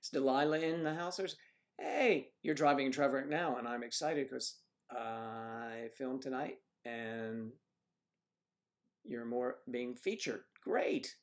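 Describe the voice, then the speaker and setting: An older man with a gravelly, mid-range voice hosts a casual livestream from home. He wanders through anecdotes, restarting sentences and clearing his throat as he goes. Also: medium pitch, unhurried. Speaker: livestream host. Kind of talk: casual chat reading viewer comments.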